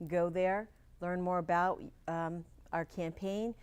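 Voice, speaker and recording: A woman's voice: lowish voice, steady tone, smooth. A middle-aged woman, talking as a candidate guest in an earnest, upbeat way in a local TV studio. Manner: earnest, upbeat, spells out slowly. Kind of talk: casual interview talk.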